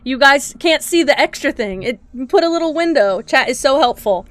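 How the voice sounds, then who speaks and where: A woman's voice: high voice, lively intonation, normal speed, a bit bright. A woman game streamer chatting casually with viewers, exasperated, swearing and laughing at her own troubles. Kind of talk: casual live-stream chat.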